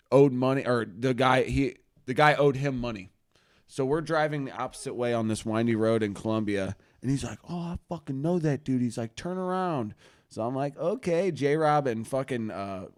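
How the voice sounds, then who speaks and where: A man hosting a casual chat, telling a wild story full of swearing and loudly acted-out quotes. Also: medium pitch. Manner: profane, animated storyteller, acts out quotes loudly. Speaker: host.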